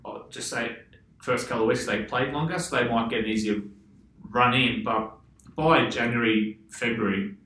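A man's voice: mid-range voice, moderate pace, pushed and bright, reverberant, rough recording. A man with an Australian accent telling loose, rambling stories in casual chat, swearing freely and laughing often. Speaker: podcast guest, former footballer.

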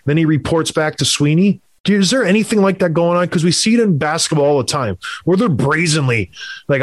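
A man with a fairly high voice chatting casually as a podcast host. He is opinionated and rambles, tossing in quick asides. The sound is dry and close. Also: no room sound. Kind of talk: casual sports chat.

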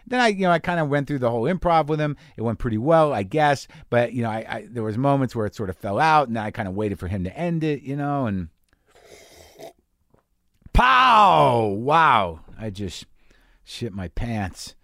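A man's voice: mid-range voice, expressive, fairly quick, dry recording, studio quality. A man hosting a podcast from a garage, telling stories in a rambling, profane, self-deprecating monologue. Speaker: podcast host. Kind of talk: casual monologue. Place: garage studio.

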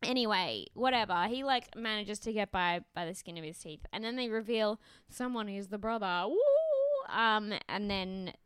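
A woman's voice: mid-range voice, moderate pace, hardly any pauses, a bit bright, smooth, dry recording, studio quality. A woman co-hosting a podcast, chatting casually about a reality dating show, with sarcastic asides and frequent giggles. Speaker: podcast co-host.

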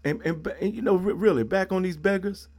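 Brief: middle-aged man with a slightly high voice, blunt and preachy solo podcast rant. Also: fairly quick, darkish tone. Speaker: podcast host. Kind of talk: ranting solo podcast monologue.

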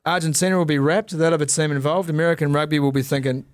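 A man co-hosting a casual sports podcast, talking in an animated, ranting, sarcastic way. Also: on the high side, fast talker, hardly any pauses, no room sound. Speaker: podcast co-host. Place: podcast studio.

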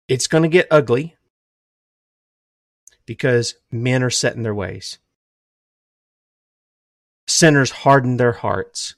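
A fervent older man preaching a sermon, his voice sitting at an ordinary middle pitch. He swings between loud, emphatic declarations and low, hushed lines, and the recording sounds close and dry, with no room echo. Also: measured pace, pauses often. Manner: says he is emotional. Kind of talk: impassioned sermon.

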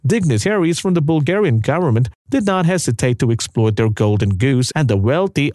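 A man giving measured documentary narration about historical events. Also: on the high side, a little mellow, dry recording, clean studio sound.

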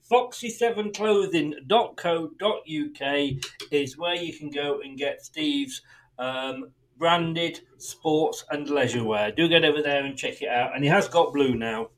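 A man's voice: fairly high pitch, measured pace. A man hosting a football prediction podcast over a video call, chatty and self-mocking, laughing often. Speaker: podcast host. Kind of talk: casual chat.

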